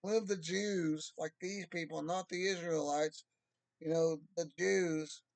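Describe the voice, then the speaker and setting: A young man delivering a heated, rambling monologue, agitated and at times bursting into shouts. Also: on the high side, fairly even intonation, a little slow, vocal fry, dry recording, low-quality recording.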